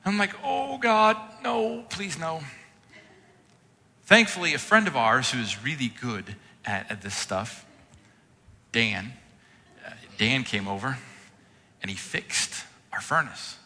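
A man preaching a sermon, telling everyday stories and acting out his own exasperated reactions with lively energy. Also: mid-range voice, measured pace, long pauses. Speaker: pastor. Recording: long hall reverb.

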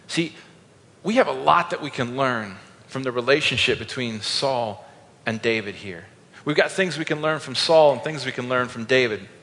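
A man preaching a sermon as a pastor, telling a story in a lively way and acting out the quotes. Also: mid-range voice. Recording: long hall reverb.

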